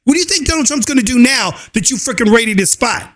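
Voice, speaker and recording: A man ranting loudly and crudely in fired-up political commentary. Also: very high-pitched, animated, quick pace. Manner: loud, fired up, drawling and crude.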